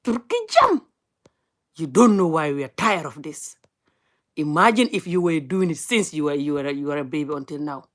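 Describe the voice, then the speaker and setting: A woman's voice: low-pitched, a little fast. Woman ranting in a scolding way. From Gambia. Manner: mocking, scolding, sing-song exclamations. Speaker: vlogger. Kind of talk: animated ranting commentary.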